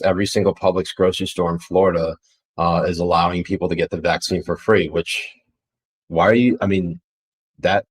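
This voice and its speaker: A man's voice: deep voice, low-quality recording. A man co-hosting a casual political podcast, blunt and profane, rambling with frequent restarts. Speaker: podcast co-host.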